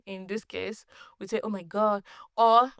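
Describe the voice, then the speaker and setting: A woman hosting her own podcast, telling a personal story in a casual, animated way, laughing often and restarting sentences. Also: mid-range voice, measured pace, creaky, smooth, no echo, studio quality. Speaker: podcast host.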